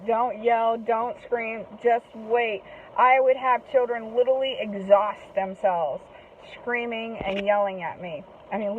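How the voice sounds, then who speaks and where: A woman hosting a casual talk and giving earnest advice to foster parents, often checking in with "okay?" and "guys". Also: mid-range voice. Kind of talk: casual direct-to-camera talk. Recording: tinny phone-like audio with faint noise.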